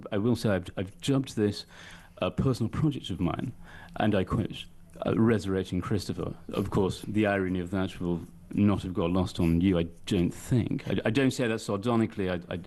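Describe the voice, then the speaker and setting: Guy putting on a grand old british intellectual, slow fancy pompous talk, deeper than his own voice. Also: a little mellow, natural voice. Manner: slow, ornate, pompous phrasing. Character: erudite older male British intellectual, grandiloquent.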